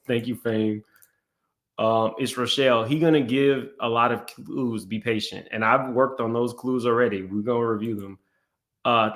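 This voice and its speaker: A man with a mid-range voice hosts a live stream. He chats casually and reads out viewer messages in a relaxed, conversational way. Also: mid-range voice. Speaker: channel host.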